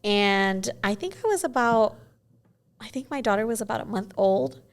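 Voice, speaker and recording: A woman's voice: medium pitch, lively intonation, moderate pace. A woman in her forties, a guest in a casual interview, telling stories in a chatty way with many "you know"s.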